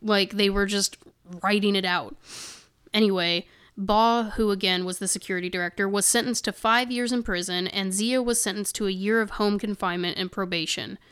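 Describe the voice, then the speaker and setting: A woman's voice: medium pitch, steady tone, moderate pace, fairly bright tone, clean tone. Woman reading news with indignant asides. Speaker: podcast co-host. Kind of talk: casual chat, reading news excerpts aloud.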